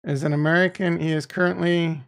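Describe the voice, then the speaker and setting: Gravelly, profane crypto streamer man. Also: a little high, little pitch movement, fairly quick. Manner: rambling, profane, off-the-cuff. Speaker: crypto livestream host. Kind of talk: casual livestream chat reading viewer comments.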